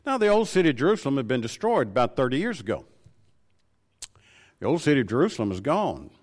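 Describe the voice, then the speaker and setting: A man preaching a sermon, slowing down and lifting his voice to stress key phrases. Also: big pitch swings. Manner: rises in pitch and volume for emphasis, slows on key words.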